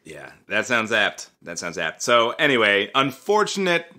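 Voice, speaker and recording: A man's voice: lowish voice, measured pace. A man co-hosting a comedy podcast, chatting playfully and joking around. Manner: playful, lively delivery. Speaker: podcast co-host. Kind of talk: casual comedic chat.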